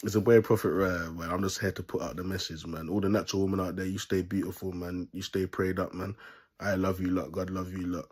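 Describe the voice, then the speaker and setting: Husky low-voiced man preaching casually. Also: level tone, brisk. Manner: repeats "you get me" as a constant tag; laughs between points. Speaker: self-styled preacher vlogger. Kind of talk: casual preachy monologue to camera.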